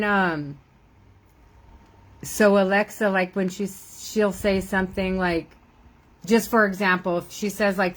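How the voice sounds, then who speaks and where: A woman's voice: mid-range voice, fairly bright tone, poor audio. An older woman, a grandmother, chatting casually and rambling while she crafts on a live stream, laughing often.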